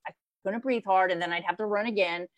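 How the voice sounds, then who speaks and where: A woman's voice: medium pitch, fast talker, no room sound. Earnest woman with a dry, close sound. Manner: earnest, frequent restarts, acts out inner voices. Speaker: guest. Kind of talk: conversational interview.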